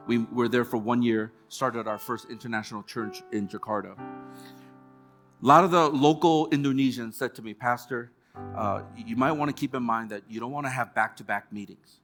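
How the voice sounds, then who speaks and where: A male pastor preaching a sermon in a church, telling stories in a relaxed, conversational way and acting out quoted remarks. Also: medium pitch. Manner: conversational storytelling with quoted asides. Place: church hall.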